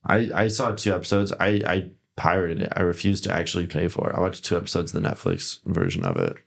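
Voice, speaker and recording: A man's voice: deep voice, lively intonation, fast talker, gravelly. A man co-hosting a live podcast, riffing in casual comedic banter with hype-man energy. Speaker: podcast co-host.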